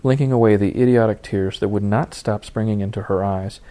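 A man reading a novel aloud as its narrator, in steady storytelling. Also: on the low side, brisk. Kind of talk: audiobook narration.

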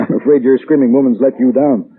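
An actor playing a patient, gently mocking father in a 1940s radio drama, heard on an old tinny broadcast. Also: mid-range voice, fairly even intonation, moderate pace, husky, lightly acted. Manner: dry and indulgent, gently mocking. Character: patient, teasing middle-aged father.

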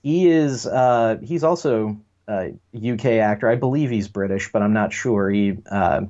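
A man's voice: on the low side, measured pace, darkish tone, highs cut off. A man from the United States co-hosting a podcast, chatting casually and rambling through strong opinions with some self-deprecation. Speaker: podcast co-host. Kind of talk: casual chat.

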